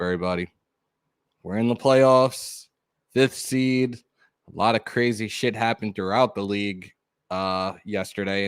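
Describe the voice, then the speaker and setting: A man hosting a live sports podcast, talking loud and excited with plenty of swearing. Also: on the low side, clear, resonant tone, no room sound, clean studio sound. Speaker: podcast host. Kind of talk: casual live-stream chat.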